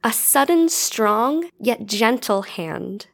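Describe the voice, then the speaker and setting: Upbeat podcast lady reading fan fic, voice sits kinda high. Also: expressive, slow pace, gravelly. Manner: cheerful, giggly. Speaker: podcast co-host. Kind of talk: reading fan fiction aloud.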